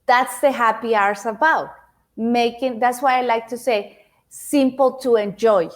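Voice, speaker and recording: A woman with a high voice and a non-native accent gives an interactive motivational talk, speaking directly to her audience. She is chatty and repeats words as she goes. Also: steady tone, a little slow. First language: not English. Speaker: speaker giving a self-help talk.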